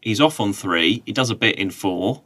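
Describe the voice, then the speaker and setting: A man's voice: lowish voice, normal speed, sharp tone. A man co-hosting a podcast, chatting casually and laughing often. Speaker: podcast co-host. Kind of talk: casual chat.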